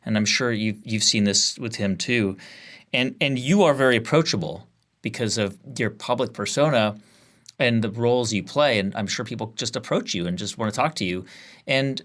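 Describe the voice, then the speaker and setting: A man's voice: mid-range voice, fairly bright tone. A man hosting an interview, mostly giving brief affirmations and asking long, searching questions. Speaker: podcast host. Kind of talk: interview host.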